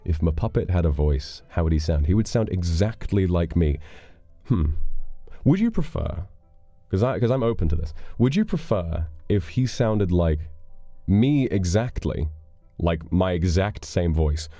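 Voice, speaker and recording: A man's voice: deep voice, lively intonation, unhurried, dark tone, dry recording, soft background music. A man streaming live, rambling casually as he reads donations and chats, with casual swearing. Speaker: livestreamer.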